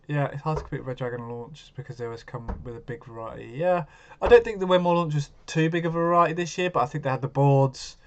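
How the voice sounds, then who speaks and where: A man's voice: mid-range voice, dull audio. Chatty man hosting a live stream. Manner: chatty, reads and answers viewer comments. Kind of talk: casual live stream chat.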